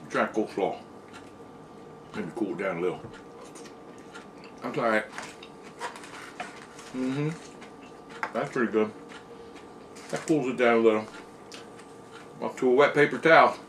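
In his casual taste-test vlog, a Pennsylvania man reviews hot wings at home, speaking in a mid-range, fairly bright voice that's a little slow with frequent pauses. He's plain-spoken and easygoing, chatting between bites; the mic is distant and noticeably noisy.

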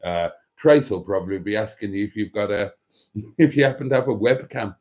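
A man's voice: on the low side, a little fast, darkish tone. Rambling man reading chat. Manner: wry and rambling, many hesitations and chuckles. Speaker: live stream host. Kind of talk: casual live stream chat, reading out viewer comments.

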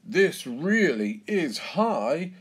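A jolly storybook dad pig, chatty and a touch anxious at the fair, as a man puts him on. He speaks slowly, his voice rising and falling in wide arcs. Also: medium pitch, big pitch swings, breathy edge, exaggerated voice. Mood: nervous. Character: jolly, nervous father pig.

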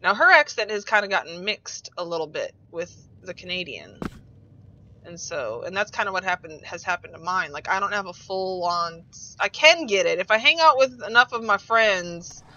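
A woman's voice: fairly low pitch, lively intonation, normal speed, bright, forceful tone, dull audio. A woman from Minnesota with a blended Minnesotan and Texan Southern accent, chatting casually and rambling on a live stream. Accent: mix of Minnesotan and Texan Southern US. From Minnesota, USA. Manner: rambling, chatty, lots of fillers and laughs.

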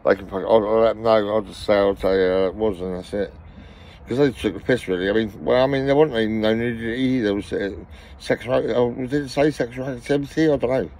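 A man's voice: fairly low pitch, fast, a little mellow, a little hiss or hum. A middle-aged man from England, out of breath, rambling and swearing constantly in a personal vlog. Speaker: vlogger.

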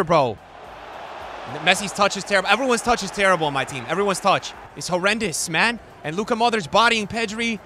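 Man, young, streamer commentary, angry ranting, bright sharp voice, high. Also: animated, a little fast, slight background noise. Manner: swearing, ranting, swinging from mutters to shouts. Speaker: gaming streamer. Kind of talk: raging gameplay commentary.

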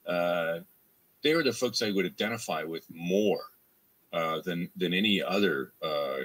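Low, bright-toned Canadian man. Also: a little slow. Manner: rambling, with many restarts and fillers; acts out quoted fans in a higher voice. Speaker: voice actor guest. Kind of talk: casual interview conversation.

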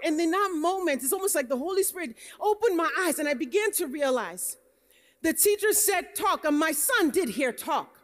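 A Nigerian American woman preaches a sermon in a high, bright voice. She tells stories and climbs into emphatic declarations. The sound carries a long hall reverb from the conference venue. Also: animated, fairly quick. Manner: storytelling, rising to emphatic preaching. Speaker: pastor.

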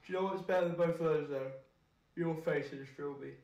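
A man's voice: a little high, steady tone, fast talker, gravelly, darkish tone. Joking man in an echoey room. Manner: joking and teasing banter. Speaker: livestream co-host. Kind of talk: casual livestream chat. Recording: echoey room with faint background noise.

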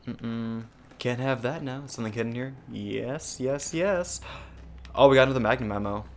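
Young man, casual gameplay commentary, swears a lot, thinks out loud, mid pitch. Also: normal speed, a little hiss or hum. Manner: swears freely, thinks out loud while playing. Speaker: gaming channel co-host.

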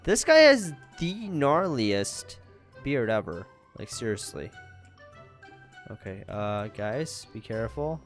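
A man hosting his gaming channel, giving chatty, excitable gameplay commentary and talking straight to his viewers. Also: lowish voice, takes it slowly, soft background music. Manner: excitable, chatty, keeps addressing viewers as guys.

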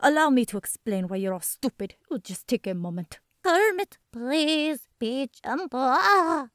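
A man voicing a strange-accented parody of a British YouTuber, sometimes sinking into breathy whispers. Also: very high-pitched, animated, unhurried, pushed and bright, dry recording, clean studio sound, exaggerated voice. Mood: theatrical. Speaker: hired voice actor.

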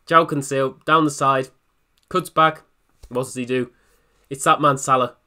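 A young man giving a voice-over commentary on his own football video game matches, excitable and quick to criticize himself, with disbelieving outbursts. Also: medium pitch. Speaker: gaming YouTuber.

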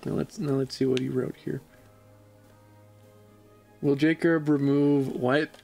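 A man's voice: mid-range voice, fairly even intonation, a little slow, gravelly, darkish tone, faint music behind. A man streaming a game and chatting casually, laid-back and joking at his own expense. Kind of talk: casual gaming livestream chat.

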